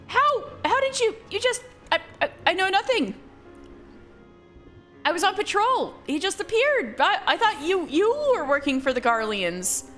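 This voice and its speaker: A woman's voice: extremely high pitch, sing-song, a little slow, a bit bright, soft background music, pitched above the performer's own voice, full character voice. A woman voicing a male guard in a video game who stammers desperately while pleading and confessing, reading the lines aloud on a live stream. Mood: panicked.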